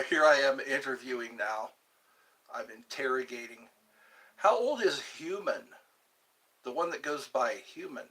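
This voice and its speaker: A man's voice: fairly high pitch, sharp tone. A man hosting a casual livestream, chatting playfully and reading out his viewers' comments. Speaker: livestream host. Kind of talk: casual live chat.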